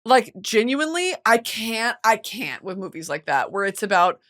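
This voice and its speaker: A young woman hosting a casual chat show, animated and expressive, swearing freely. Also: fairly high pitch, normal speed. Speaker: podcast host.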